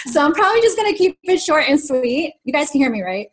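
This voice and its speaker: High-pitched, giggly woman. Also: very animated, brisk, rough recording. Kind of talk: casual group share.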